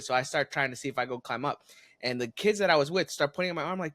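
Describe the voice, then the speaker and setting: A man's voice: on the high side, quick pace, no echo. A man co-hosting a podcast, telling stories in casual chat and acting out the voices he quotes. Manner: animated storyteller, acts out quotes. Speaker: podcast co-host.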